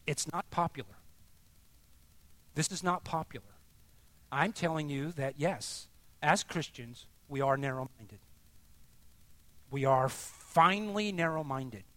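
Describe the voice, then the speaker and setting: Slow, emphatic male preacher. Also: fairly high pitch, dry recording. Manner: emphatic preaching, slow, drops to hushed near-whispers. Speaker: pastor. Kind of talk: sermon.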